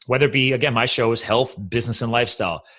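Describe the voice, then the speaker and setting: An eager man hosts a casual podcast chat in a mid-range voice. He talks in quick bursts, restarting sentences as his thoughts run ahead. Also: mid-range voice, steady tone, fairly bright tone. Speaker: podcast host.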